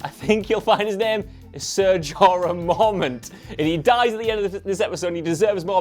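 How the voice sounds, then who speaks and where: Male panelist, earnest enthusiast, soft music bed. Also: on the high side. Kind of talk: casual chat.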